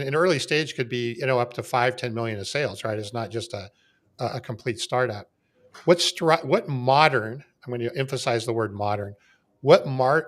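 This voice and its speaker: A man's voice: mid-range voice, a bit bright. A man hosting a podcast interview, building up to his question in a long, rambling way with frequent restarts. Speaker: podcast host.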